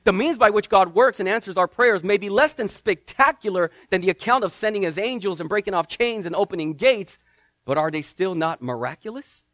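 A man with a high voice preaches a sermon, retelling the story dramatically and giving its people their own voices. The sound is dry and close, with no room around it. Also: expressive, brisk, fairly bright tone, no echo. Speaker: pastor.

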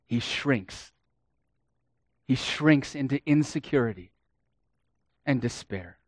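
A man preaching a sermon, dramatic, swinging between hushed and loud and acting out the quotes he reads. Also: fairly high pitch, no echo.

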